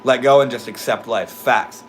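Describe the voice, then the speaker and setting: A man's voice: mid-range voice, moderate pace, slight background noise. Laid-back young man with a slight lisp. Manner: laid-back, swears freely, talks straight to chat. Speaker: livestream host reading chat. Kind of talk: casual livestream chat.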